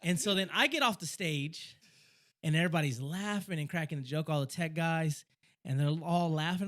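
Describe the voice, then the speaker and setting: Fast-talking, stumbling young man. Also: fairly high pitch. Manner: fast, excitable, stumbles and repeats words. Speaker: podcast co-host. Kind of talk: casual storytelling chat.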